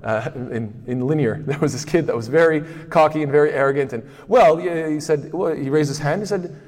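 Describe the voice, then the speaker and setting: Fast-talking man teaching in a reverberant hall. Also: a little high, a little mellow. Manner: asks himself rhetorical questions ("what?"); frequent doubled fillers and restarts. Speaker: Islamic studies teacher. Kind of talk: lecture on hadith.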